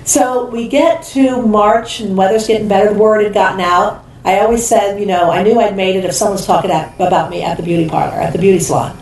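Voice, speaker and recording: Woman telling a lively story in a roomy echo. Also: medium pitch, fairly quick, hardly any pauses, far from the mic, a little hiss or hum. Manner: lively storyteller, acts out quoted voices, laughs often. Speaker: restaurant owner and guest. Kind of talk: animated storytelling in casual chat. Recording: roomy echo, a bit off-mic, faint ambience.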